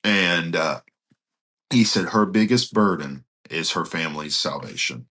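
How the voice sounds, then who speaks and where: A man's voice: low voice, measured pace. A male pastor guest on a podcast, telling anecdotes and acting out the dialogue of the people in them. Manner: animated anecdote-telling, acts out quoted dialogue. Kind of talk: storytelling in a podcast interview.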